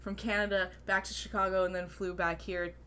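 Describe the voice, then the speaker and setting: Laid-back woman with a bright voice. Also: mid-range voice, level tone, brisk, clear, resonant tone. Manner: laid-back, chatty, drawls fillers like "yeah" and "um". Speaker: pro wrestler, podcast co-host. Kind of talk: casual chat.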